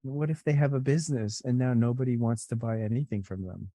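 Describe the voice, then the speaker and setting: A man's voice: medium pitch, steady tone, a little fast, mellow, no echo. A man in a casual chat, making brief matter-of-fact remarks. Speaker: podcast co-host.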